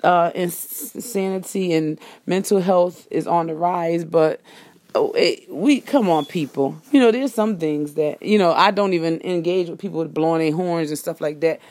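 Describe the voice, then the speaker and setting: Woman, host, casual monologue, rambling, folksy, warm, dry sound. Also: fairly low pitch, normal speed, no room sound. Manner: rambling, self-correcting, folksy.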